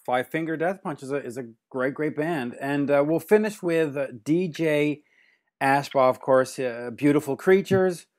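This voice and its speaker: A man hosting a casual interview, chiming in with brief, relaxed agreement and wrap-up remarks. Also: fairly high pitch, moderate pace, no echo, clean studio sound. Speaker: podcast host.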